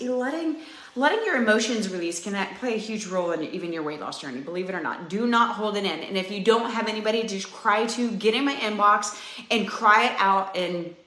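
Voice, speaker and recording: A woman in her thirties, a fitness coach, gives her live-stream viewers an earnest, chatty pep talk, speaking straight to them. Her mid-range voice is bright and forceful, and the room adds an echo.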